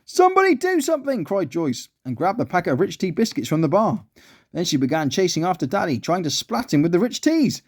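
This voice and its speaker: A man reading a children's story aloud, animated and expressive. His voice sits fairly high and swoops around a lot as he tells it. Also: fairly quick, breathy edge.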